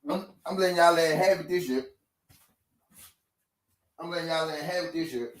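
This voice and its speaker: Man hosting live sports talk, high-pitched, argues and swears, repeats lines. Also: moderate pace. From Memphis, Tennessee. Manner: profane, repetitive, argumentative.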